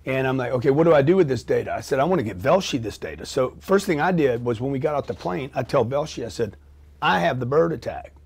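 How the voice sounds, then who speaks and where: Middle-aged guy telling a wild story on a podcast, swears a lot, does sound effects, mid pitch. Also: brisk, vocal fry, breathy edge. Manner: animated, profane, acts out scenes with sound effects. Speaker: guest.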